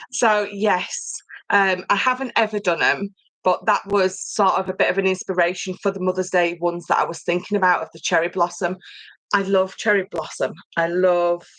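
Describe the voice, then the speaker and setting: A middle-aged woman chats through a casual livestream from her craft room. Her voice sits low, and the sound is dry and close. She rambles as she talks and reads viewer comments aloud. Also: fairly even intonation, normal speed, fairly bright tone, no room sound, low-quality recording. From England. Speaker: papercraft host.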